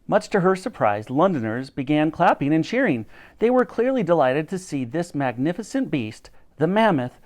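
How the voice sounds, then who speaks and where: A man reading a children's novel aloud with a dramatic, animated delivery. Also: on the high side. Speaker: storyteller.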